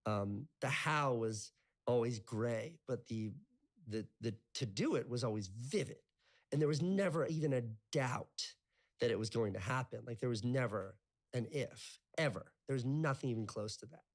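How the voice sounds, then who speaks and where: A man's voice: medium pitch, fairly quick. A man in his thirties telling his life story as an interview guest, rambling with lots of filler words and casual swearing. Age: 30s.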